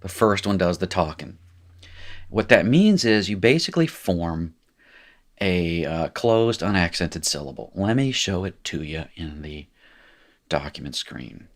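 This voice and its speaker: A man's voice: low voice, lively intonation, a little slow. A man teaching a live recorded language lesson, chatty and jokey, correcting himself as he goes.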